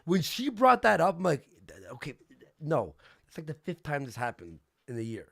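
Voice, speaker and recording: A man hosting a casual livestream, telling stories in an animated way, swearing and acting out the people he quotes. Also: a little high, normal speed, vocal fry, husky, no room sound, studio quality. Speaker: stream host.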